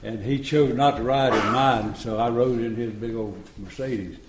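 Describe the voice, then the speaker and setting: Crowd noise sits under this roomy live recording of a man in his 70s recounting his recovery to a meeting. His mid-range voice stays steady at a normal speed, though he's folksy, chuckles, and acts out the dialogue.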